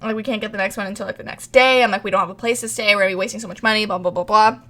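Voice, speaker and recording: Bright-voiced young woman telling a wild story. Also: medium pitch, racing. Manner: animated, swears a lot, acts out quotes. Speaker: podcast co-host. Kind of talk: casual storytelling chat.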